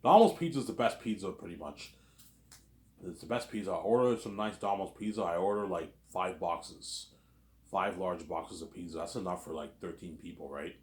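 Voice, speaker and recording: A man with a very low voice talks through a casual, rambling commentary. He keeps circling back with the same tag phrases and fillers. The sound carries a noticeable room echo. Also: brisk. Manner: rambling, repeats fillers and tags constantly. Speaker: host. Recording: roomy echo.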